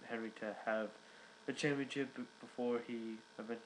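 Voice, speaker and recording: A man's voice: medium pitch, steady tone, moderate pace, slight background noise, low-quality recording. A young man giving a casual recap, rambling with many fillers and restarts. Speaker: wrestling reviewer.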